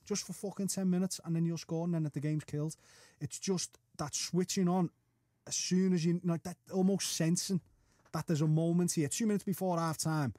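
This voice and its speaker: A man's voice: fairly high pitch, steady tone, moderate pace, hardly any pauses, dark tone, no echo, studio quality. A man, a panellist on a football podcast, talking bluntly and swearing with passion.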